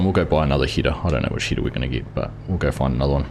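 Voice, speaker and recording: A man's voice: extremely low pitch, racing, creaky, a little mellow, slight background noise. A man hosting a live farming game stream, chatting casually and greeting viewers by name while he plays. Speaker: livestream host. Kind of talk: casual gameplay commentary.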